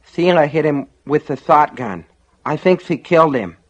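A man's voice: a little high, lively intonation, moderate pace, dull audio, pitched above the performer's own voice. A man voicing an injured man with a bloodied mouth, who speaks in a mushy, dazed voice.

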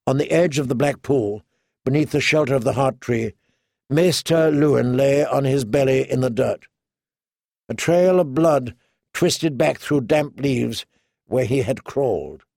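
A man narrating an audiobook in an even, measured storytelling manner. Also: mid-range voice, gravelly, no room sound, clean studio sound.

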